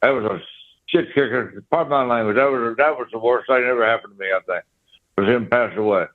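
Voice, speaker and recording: A man's voice: mid-range voice, fast. An older man, a guest guitarist, telling rambling anecdotes in a casual interview and scatting riffs aloud. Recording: tinny phone line.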